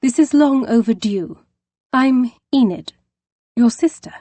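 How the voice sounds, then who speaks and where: Woman reading as a stern, blunt lady, clipped delivery, slightly higher voice, dry sound. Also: expressive, unhurried, warm tone, no echo. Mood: softened. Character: stern, composed noblewoman, blunt.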